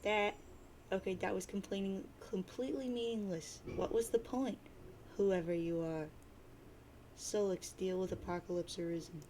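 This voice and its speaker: A woman's voice: mid-range voice, steady tone, moderate pace, mellow, a little hiss or hum. A woman reading a webcomic aloud, with playful, jokey asides. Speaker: webcomic reader.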